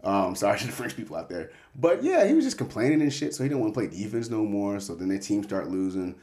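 A man's voice: fairly low pitch, expressive, fast talker, darkish tone. A man hosting a casual sports talk show, laid-back and cursing freely as he gives his picks. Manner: laid-back, swears casually, self-interrupting. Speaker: podcast host.

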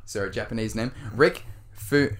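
A man's voice: fairly low pitch, moderate pace, fairly bright tone. A man co-hosting a casual podcast, speaking hesitantly with many fillers and restarts. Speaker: podcast co-host. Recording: roomy with faint noise.

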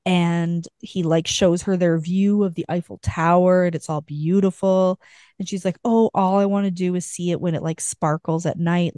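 A woman co-host rambles through a casual book recap, peppering her retelling with filler words. Her voice sits a little low and sounds mellow and relaxed. The recording is close and dry, with no room sound. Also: no room sound. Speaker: podcast co-host.

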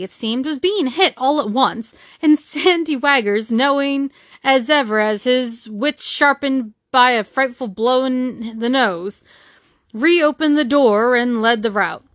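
A woman narrating a classic novel as an audiobook reader, steady and measured, close to the mic. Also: a little high, no room sound. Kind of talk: storybook narration.

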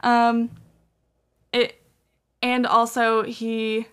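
A woman's voice: fairly high pitch, completely flat delivery, drawn-out words, fairly bright tone, smooth. A woman hosting a podcast, telling a story in a casual, rambling way full of "um" and "like". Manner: rambling, filler-heavy with many "um" and "like". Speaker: podcast host.

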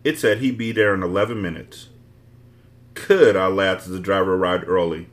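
A man hosting a book podcast, reading a novel aloud with blunt, profane asides. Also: low-pitched. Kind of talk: casual book reading with commentary.

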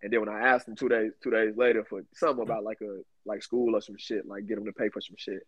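A man's voice: lowish voice, little pitch movement, quick pace, breathy edge, no echo, highs cut off. A man casually telling a profane, slang-filled story about his family on a podcast.

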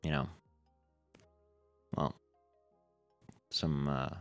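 A man's voice: a bass voice, level tone, very slow, smooth, faint music behind. A young man from the American South co-hosting a podcast, talking casually and joking around. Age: young adult. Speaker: podcast co-host. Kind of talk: casual chat.

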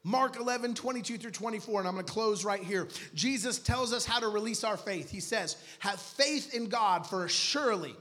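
A man preaching a sermon as pastor, moving from quiet teaching to shouted declarations. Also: sits high, normal speed, few pauses. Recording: long hall reverb.

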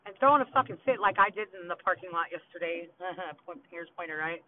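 A woman's voice: lowish voice, animated, a little fast, slight background noise. Blunt, foul-mouthed woman on tinny audio. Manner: blunt, heavy swearing, rambling asides. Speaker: podcast host. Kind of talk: casual storytelling monologue.

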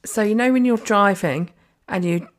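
A woman's voice: mid-range voice, moderate pace. A young woman co-hosting a podcast in casual chat, blunt, dry and sweary. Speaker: podcast co-host.

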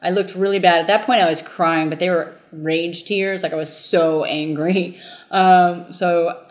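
A woman, the founder of a mobile book bus, telling her story in an interview, animated and laughing as she acts out what people said. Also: lowish voice, unhurried.

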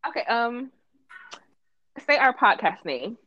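A woman from Minnesota hosting a podcast, chatting in an animated way and filling her speech with "like". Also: a little high, takes it slowly. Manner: animated, many "like" fillers. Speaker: podcast host. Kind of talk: casual podcast chat. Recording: dry, dull lo-fi mic.

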